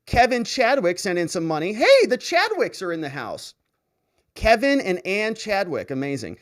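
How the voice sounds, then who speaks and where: A man's voice: high-pitched, moderate pace. A man hosting a livestream, casually reading viewer comments aloud and reacting with frequent laughter. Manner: animated, laughs often, reads comments aloud. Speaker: show host reading live chat.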